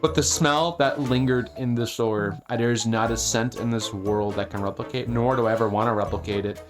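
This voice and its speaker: A man hosting a casual podcast, telling a story in an animated, exasperated way, laughing often and swearing. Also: mid-range voice, moderate pace, over music. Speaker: podcast host.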